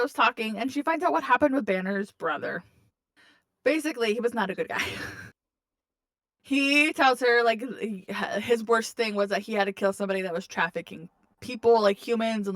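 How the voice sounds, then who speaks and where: A woman's voice: a little high, moderate pace, fairly bright tone, no room sound. A woman co-hosting a casual podcast, recapping a book in a chatty, profane way, laughing often and acting out the characters' lines. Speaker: podcast co-host.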